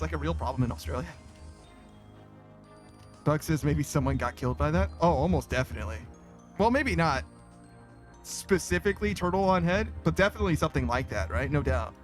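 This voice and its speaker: A man streaming a game, chatting casually and reading out chat, laughing often, swearing freely and rambling with lots of fillers. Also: a little high.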